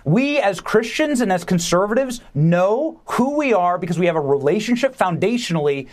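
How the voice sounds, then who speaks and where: High-voiced man making emphatic commentary. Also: lively intonation. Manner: emphatic, preachy and fast-talking. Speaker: podcast host and guest commentator. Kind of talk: political commentary.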